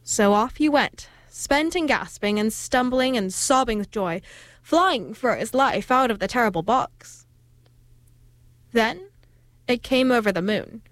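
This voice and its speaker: A woman reading an old folk tale aloud in a steady, expressive storytelling manner. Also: a little high, a little slow, dry recording.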